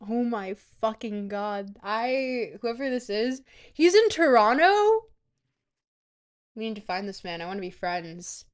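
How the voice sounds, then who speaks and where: A woman's voice: medium pitch, a little slow, few pauses. A woman streamer in a casual livestream chat, goofy and rambling, swearing freely.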